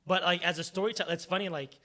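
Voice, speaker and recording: A man hosting a casual podcast chat, animated and playful, sometimes rising into mock outrage. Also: high-pitched, very fast. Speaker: podcast host.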